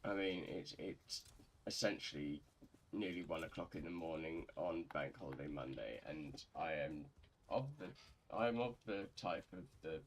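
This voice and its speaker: A man's voice: very deep voice, normal speed, a little hiss or hum. A young man, a bit tipsy, rambling casually as a gaming streamer, with lots of fillers, restarts and swearing. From England.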